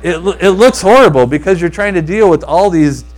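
A male preacher with a fairly high voice tells a story from the pulpit in an easy, conversational way. He stumbles and restarts his sentences and turns to speak directly to the congregation with asides. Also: lively intonation, a little fast, low-quality recording. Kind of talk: informal sermon storytelling.

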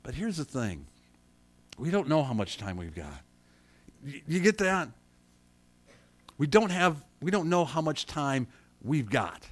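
A middle-aged man preaching a sermon, animated, acting out quotes and asking his congregation questions. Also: on the high side, unhurried, pauses often. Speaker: pastor.

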